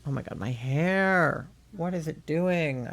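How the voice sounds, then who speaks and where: A man's voice: on the high side, slow pace, a bit bright. A young man livestreaming a game, chatting casually into a headset mic with a rambling, filler-heavy manner. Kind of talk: casual chat while gaming.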